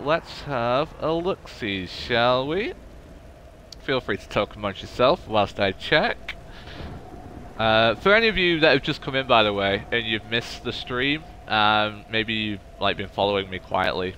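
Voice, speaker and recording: A young man, chatting excitably to viewers on his game stream through a cheap microphone. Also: fairly low pitch, slight background noise. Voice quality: recorded on a cheap mic. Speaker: gaming streamer. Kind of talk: casual live-stream chatter. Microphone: cheap desk microphone.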